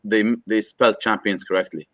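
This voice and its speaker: A man's voice: on the low side, fairly even intonation, brisk, a bit bright, no echo, rough recording. A man, a Chelsea fan, rambling and joking in casual football banter with friends.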